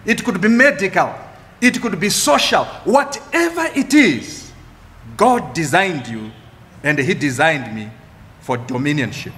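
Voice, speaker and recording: A man preaching a sermon as pastor, emphatic, repeating key phrases with dramatic pauses. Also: fairly high pitch, lively intonation, sharp tone. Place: church. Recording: echoey church hall.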